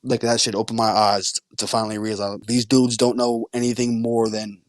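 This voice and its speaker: A man's voice: lowish voice, level tone, fairly quick, dry recording. A man co-hosting a late-night fan podcast, rambling in casual slang and stuttering as he talks. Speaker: podcast co-host.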